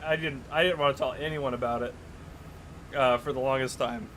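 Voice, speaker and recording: Bright-voiced man streaming. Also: mid-range voice, steady tone, brisk, slight background noise, rough recording. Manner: chatty storyteller, reads chat aloud, laughs often. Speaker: gaming streamer. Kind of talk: casual live-stream chat.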